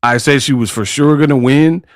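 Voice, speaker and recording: A man's voice: mid-range voice, moderate pace, dry recording, clean studio sound. A man hosting a casual boxing commentary vlog, talking in brash, slangy trash talk. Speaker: boxing commentary channel host.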